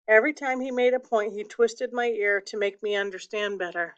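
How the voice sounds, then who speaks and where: A woman reading a novel aloud to her class, with feeling, slowing and softening on the sad lines. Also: medium pitch, fairly even intonation, clean tone, highs cut off. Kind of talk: expressive read-aloud of a novel.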